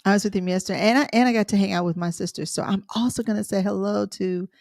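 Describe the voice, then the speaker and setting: A woman's voice: mid-range voice, fairly even intonation, fast talker, gravelly, a little mellow, no room sound, clean studio sound. A middle-aged woman co-hosting a livestream, chatting casually with many fillers and restarts. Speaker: co-host.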